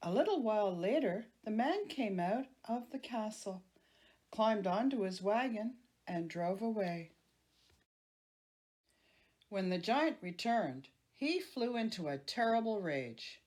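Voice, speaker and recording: A woman storyteller reading a children's picture book aloud in an expressive, unhurried way. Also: medium pitch. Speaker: library storyteller.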